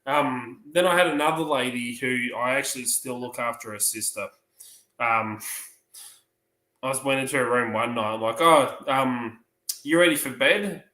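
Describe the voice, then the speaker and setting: A man's voice: medium pitch, normal speed, reverberant, rough recording. A man co-hosting a livestream, telling funny work stories in casual chat and swearing freely. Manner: swears freely, animated retelling. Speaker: livestream co-host.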